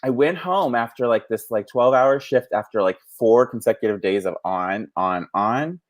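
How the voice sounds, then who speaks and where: A man's voice: medium pitch, moderate pace. A man hosting a podcast, telling stories in a chatty way with lots of fillers. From New York City area. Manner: chatty storytelling with many fillers. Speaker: podcast host. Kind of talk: casual chat.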